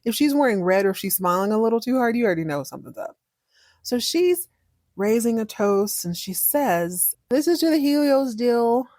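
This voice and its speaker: A woman hosts a podcast, recapping a TV series in a sassy, animated, folksy way with wry asides. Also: medium pitch, normal speed, no room sound, clean studio sound. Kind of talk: casual recap monologue.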